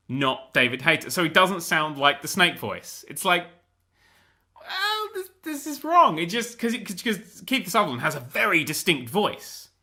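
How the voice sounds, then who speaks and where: A young man hosting a gaming show, ranting in a casual, animated, sweary, exasperated way. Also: fairly high pitch. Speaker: gaming host. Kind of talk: casual rant about a video game.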